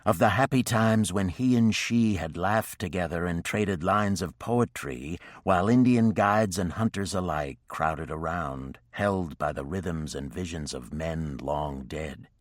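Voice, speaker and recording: A man reading a romance novel aloud in scripted audiobook narration, with a measured, even delivery on a close microphone. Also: low-pitched, no echo.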